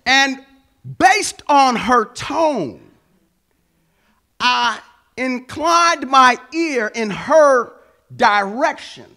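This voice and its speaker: High-voiced, slow-preaching male pastor. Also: lively intonation, bright, forceful tone. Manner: storytelling, builds to emphatic exhortation. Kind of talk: sermon.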